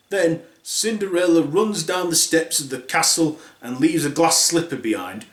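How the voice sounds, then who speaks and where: A man's voice: on the high side, normal speed, few pauses, a bit bright. A man retelling a fairy tale for laughs, rambling and offhand, in an echoey room. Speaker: storyteller.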